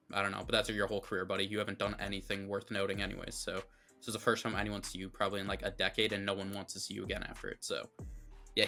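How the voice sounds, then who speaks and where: A man with a fairly low but bright, forceful voice, co-hosting a casual movie review chat. He talks bluntly and opinionatedly, slipping into heated rants with plenty of fillers. Faint music plays underneath. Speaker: co-host of a movie review show.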